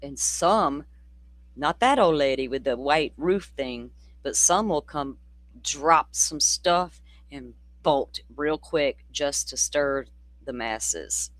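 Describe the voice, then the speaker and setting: A true crime host from the Deep South, talking in a loose, rambling livestream chat that is blunt, profane and sardonic. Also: expressive, slow, fairly bright tone, dry recording. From Florida, near the Alabama state line. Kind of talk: casual livestream commentary.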